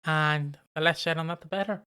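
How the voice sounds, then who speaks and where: Podcast co-host, smooth clear voice, mid pitch, rambling anecdotal chat with casual swearing. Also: fairly even intonation, a little fast, bright, forceful tone. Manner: rambling storyteller, swears freely.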